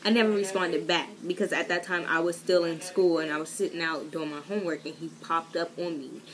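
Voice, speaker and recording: A young adult woman telling a story in a casual vlog, chatty and animated. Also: fairly quick, crowd noise, poor audio. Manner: chatty and animated, acting out quoted voices with big pitch jumps. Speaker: vlogger.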